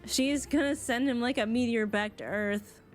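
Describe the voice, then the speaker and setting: A woman gaming streamer giving casual, animated commentary while she plays, reacting freely and swearing now and then. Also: fairly high pitch, moderate pace. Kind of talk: casual let's-play commentary. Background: faint game music.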